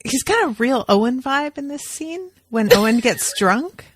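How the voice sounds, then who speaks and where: A woman co-hosting a podcast, chatting casually and telling stories in an animated way with the odd swear word. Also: high voice, measured pace, no room sound. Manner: animated, profane storytelling. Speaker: podcast co-host.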